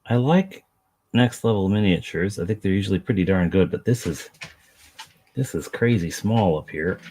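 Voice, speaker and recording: A man's voice: deep voice, animated, normal speed, mellow, slightly rough. A man chatting casually on a live stream while he paints miniatures, rambling, self-deprecating and talking to his dog.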